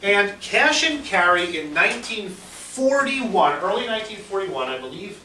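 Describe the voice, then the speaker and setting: A man teaching history as a lively lecture, telling it like a story and acting out what people said, with fillers along the way. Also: high-pitched, a little slow. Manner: animated storytelling with fillers, acts out quotes. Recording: roomy echo, distant mic, faint hiss.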